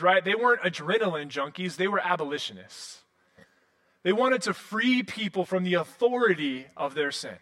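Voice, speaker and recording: A man in his thirties preaching a sermon in a casual, animated storytelling way, full of "like" and restarts. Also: sits high. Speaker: pastor.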